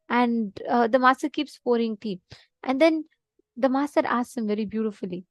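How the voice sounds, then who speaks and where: Woman, class instructor, highish voice, dry close sound, reassuring storyteller who checks in often. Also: normal speed, no echo. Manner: reassuring, checks in with "okay?" and "right?". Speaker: program instructor.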